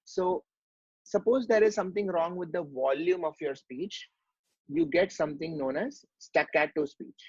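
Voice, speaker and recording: Husky man giving a slow medical lecture. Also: on the high side, expressive, darkish tone, no room sound, highs cut off. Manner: explains step by step, asks rhetorical questions.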